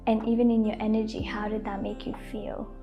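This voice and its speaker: A young woman talks softly and casually, with a mellow, somewhat high voice. She laughs easily and often says "like" as she gives gentle advice. Faint music plays behind her. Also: vocal fry. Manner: gentle, soft-spoken, laughs often, uses "like" a lot. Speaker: lifestyle vlogger. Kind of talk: casual advice talk to camera.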